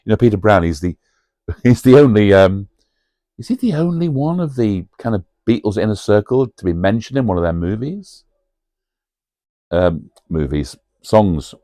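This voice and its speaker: A man's voice: lowish voice, big pitch swings, normal speed, mellow, dry recording, clean studio sound. A man hosting a cosy pub-style chat about a film, rambling and chatty with lots of fillers and asides to the viewer. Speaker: video host.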